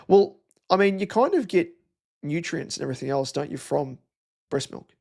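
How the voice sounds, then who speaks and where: A man's voice: fairly high pitch, animated, moderate pace, gravelly, a little mellow. An Australian young man hosting a casual live stream, rambling and chatty with lots of fillers as he reads out comments. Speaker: livestream host.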